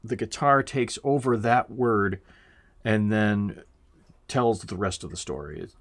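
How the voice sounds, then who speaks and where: Slow, low-voiced man reviewing music. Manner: unhurried, reflective, many fillers, casual swearing. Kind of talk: casual album review over playback.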